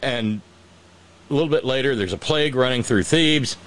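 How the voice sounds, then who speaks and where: A man in casual chat, retelling an old myth in an animated, irreverent way and doing voices for its characters. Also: medium pitch, moderate pace.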